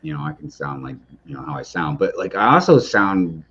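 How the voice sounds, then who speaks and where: Host type, man, very low voice, animated and loud when excited, slightly dull lo-fi audio. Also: brisk, husky. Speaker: streamer host. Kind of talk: casual chat on a livestream.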